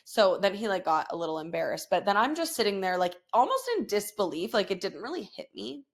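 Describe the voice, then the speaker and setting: A woman's voice: mid-range voice, big pitch swings, fairly quick. A woman hosting her own podcast, telling a story in a profane, dramatic, casual way full of fillers. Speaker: podcast host. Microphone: podcast microphone.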